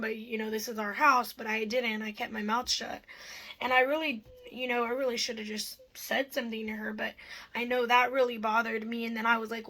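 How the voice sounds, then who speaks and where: A woman's voice: on the high side, a bit bright, low-quality recording. A woman telling her own life story to her viewers, frank and rambling, swearing freely and speaking straight to them. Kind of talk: candid personal storytime.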